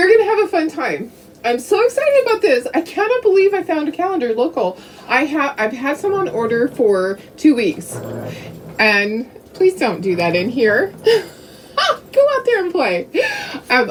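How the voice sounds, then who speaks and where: A woman's voice: high-pitched, darkish tone, far from the mic, a little hiss or hum. Chatty, giggly woman hosting a craft livestream. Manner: chatty and giggly, coos at her dogs. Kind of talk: casual live-stream chat.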